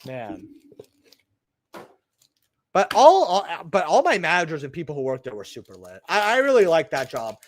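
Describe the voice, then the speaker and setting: A young man with a fairly high voice hosts a trading-card opening video, telling a rambling workplace story in casual chat. His pitch swings hugely at a normal pace, he pauses often, and he fills the talk with asides and "right?" tags.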